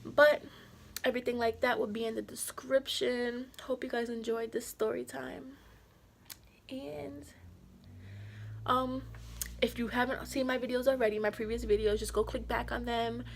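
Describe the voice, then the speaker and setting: A woman's voice: on the high side, normal speed, creaky, long pauses, a little hiss or hum. Slangy young woman telling a story. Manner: animated, reenacts dialogue with slang. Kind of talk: casual story-time vlog.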